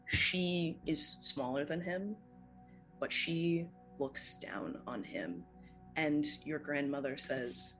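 A game master narrating a tabletop role-playing scene in an unhurried, filler-laden way. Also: mid-range voice, fairly bright tone, faint music behind, rough recording.

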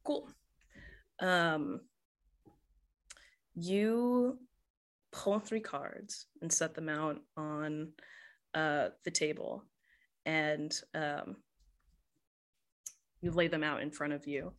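A woman running a tabletop role-playing game, describing scenes at an easy, slow pace. Her voice sits on the lower side, and her narration is loose and full of casual fillers. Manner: relaxed, descriptive, many "um"s and "like"s. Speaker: game master.

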